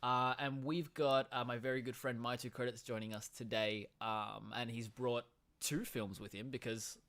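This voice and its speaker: An Australian man co-hosts a live movie podcast with an easygoing, bantering delivery. He speaks with an Australian accent at an ordinary middle pitch, and he is quick to laugh. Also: level tone, fairly bright tone. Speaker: podcast co-host.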